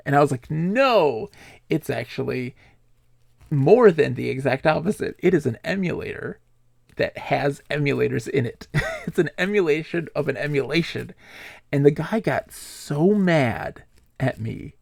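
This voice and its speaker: A male streamer playing a text adventure live, reading the game text aloud and telling rambling, animated stories with lots of fillers. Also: fairly high pitch, unhurried, creaky, dry recording, clean studio sound.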